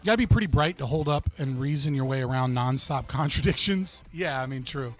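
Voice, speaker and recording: A man's voice: mid-range voice, brisk, faint music behind. An American man hosting a casual livestream, joking and rambling with frequent laughs. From United States. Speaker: streamer and debate host.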